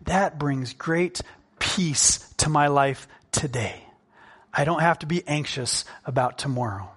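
A man preaching from the pulpit in a somewhat higher voice. He is earnest and conversational, and he slows down on the points he wants to land. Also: a bit bright, slightly rough. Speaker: pastor. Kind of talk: sermon.

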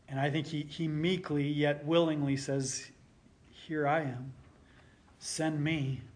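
A man preaching a sermon as pastor, with a voice pitched a little above the usual for men. He reads scripture aloud with mounting force, then drops back to explain it in plain terms.

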